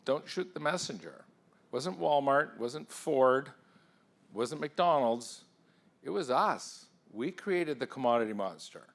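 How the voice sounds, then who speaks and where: A man giving an interactive talk at a conference, firing questions at the audience in an energetic, persuasive way. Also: a little high. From England. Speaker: keynote speaker. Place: conference hall.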